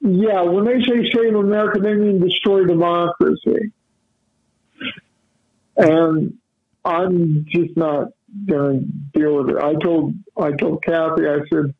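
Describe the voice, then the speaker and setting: A man's voice: a little high, steady tone, slow, husky. A male caller on a radio show, talking in a weary, resigned way over the phone. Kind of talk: phone-in chat. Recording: tinny phone line.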